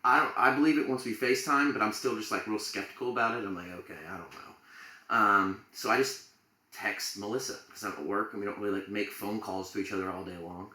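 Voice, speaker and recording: A man's voice: on the low side, fast, pushed and bright, roomy sound, low-quality recording. A man co-hosting a podcast, telling a story in a rambling, jokey way with plenty of fillers. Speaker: podcast co-host. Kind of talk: casual chat.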